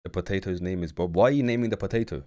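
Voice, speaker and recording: Male streamer, deep voice, loose joking live chat with mumbled asides. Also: rapid-fire, a little mellow.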